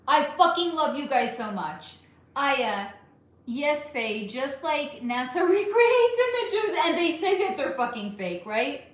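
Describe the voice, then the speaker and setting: A middle-aged woman with a slightly high voice chats her way through viewer comments on a livestream. She is affectionate and loose-tongued, tossing out pet names and casual curses. Her voice rings in a noticeably echoey room. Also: animated, unhurried. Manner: chatty, affectionate, calls viewers honey, swears freely. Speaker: livestream host.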